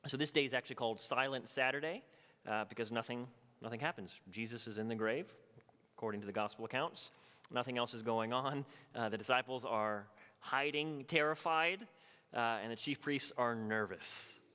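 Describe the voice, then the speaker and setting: A man teaching a midweek Bible study, telling the story with animated energy. He slips into the voices of its people as he goes. His voice rings with a long reverb in a church hall. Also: mid-range voice, normal speed. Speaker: pastor.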